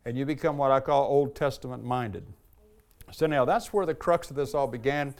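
Man, pastor, sermon, emphatic, mid-pitched, slows down to stress key points. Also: gravelly, darkish tone. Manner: earnest, emphatic preaching, slows and lifts voice when reading aloud.

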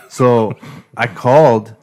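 A man's voice: mid-range voice, extremely slow, warm tone. A podcast host in casual chat, telling funny stories and acting out both sides, often laughing as he talks. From Canada.

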